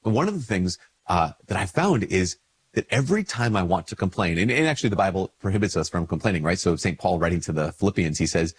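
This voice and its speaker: A male priest with a somewhat low, slightly husky voice, stuffed up with a cold. He talks in a relaxed, conversational way and acts out small everyday exchanges. His tone stays personal and unhurried. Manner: conversational, acts out little dialogues with lifted pitch. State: congested with a cold. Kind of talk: casual spoken reflection to camera.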